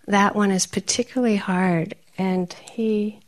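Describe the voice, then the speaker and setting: A woman teaching meditation in a dharma talk, telling stories with animated energy, often laughing and sometimes dropping to a soft near-whisper. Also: mid-range voice, a little slow, a little hiss or hum.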